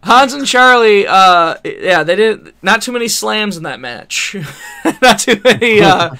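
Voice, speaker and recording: This is a man with a high, tense, crisp voice, telling a long story on a podcast in a loose, rambling way. He laughs often at his own tale and swears freely. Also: lively intonation, measured pace, bright, forceful tone. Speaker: podcast co-host. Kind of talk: casual storytelling chat.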